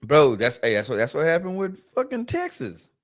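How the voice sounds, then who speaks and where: A man's voice: on the high side, moderate pace. A man co-hosting a podcast, chatting casually about sports, restarting phrases and acting out the people he quotes. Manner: animated storyteller, acts out quoted voices, repeats words. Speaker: podcast co-host.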